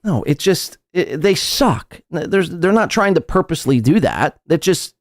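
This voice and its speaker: A man's voice: fairly high pitch, sing-song, measured pace, no echo. A man hosting a podcast, mocking a guest's clip with crude, sarcastic commentary. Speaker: podcast host.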